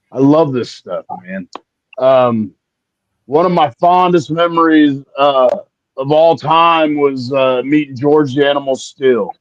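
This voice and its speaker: A man, a guest on a chat show, telling lively stories from his wrestling career. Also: medium pitch, dry recording, muffled recording. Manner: animated anecdotes, acts out quotes. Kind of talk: casual storytelling.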